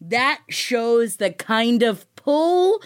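A woman co-hosts a gossip podcast and chimes in with quick, joking remarks. Her voice sits a little on the high side. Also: very animated, clear, resonant tone. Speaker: podcast co-host. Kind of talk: casual gossip chat.

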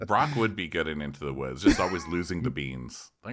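A man co-hosting a comedy podcast, recapping reality TV and acting out the cast in exaggerated high voices between laughs. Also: expressive, a little fast, crowd noise. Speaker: podcast co-host.

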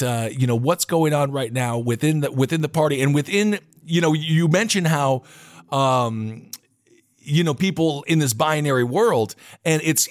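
A man hosting a casual political podcast, animated and swearing freely. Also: on the high side, dry recording, studio quality. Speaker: podcast host.

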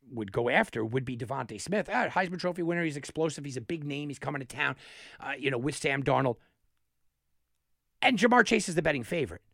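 A man hosts a solo sports betting talk, his pitch swinging widely as he reasons aloud. His voice sits a little high with a gravelly fry. The sound is dry and close. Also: no room sound. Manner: animated, talks himself through picks with restarts. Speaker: sports betting show host.

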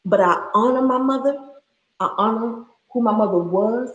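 A woman's voice: fairly high pitch, normal speed. A woman in her thirties giving a passionate, preacherly faith-based talk, laughing often as she speaks. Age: 30s. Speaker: speaker sharing her story. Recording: roomy echo.

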